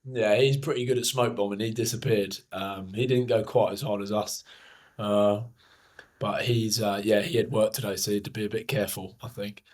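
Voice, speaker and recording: A man's voice: on the low side, steady tone, normal speed, a little mellow. A young man co-hosting a podcast, hungover, telling rambling, self-mocking stories in casual chat. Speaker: podcast co-host.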